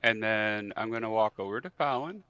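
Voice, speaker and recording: A man playing a tabletop game who describes his moves haltingly, with many ums, and questions the rules. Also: lowish voice, bright, forceful tone, smooth, lo-fi sound. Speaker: player. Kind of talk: casual tabletop game play.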